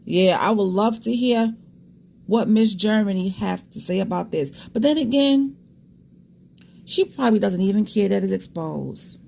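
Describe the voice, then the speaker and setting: A woman's voice: mid-range voice, creaky, dark tone, a little hiss or hum. A woman hosting a casual commentary vlog, talking straight to her viewers with blunt, disgusted asides. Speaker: commentary channel host.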